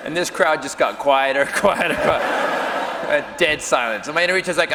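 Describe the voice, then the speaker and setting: A man doing a loud, animated stand-up comedy set on stage before a live audience, bursting into shouted punchlines. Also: fairly high pitch, brisk. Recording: live hall recording with crowd noise.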